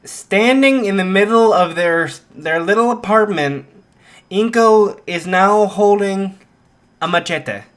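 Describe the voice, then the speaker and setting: A man's voice: high voice, takes it slowly, fairly bright tone. A man casually telling a fan story, rambling with many "like" fillers.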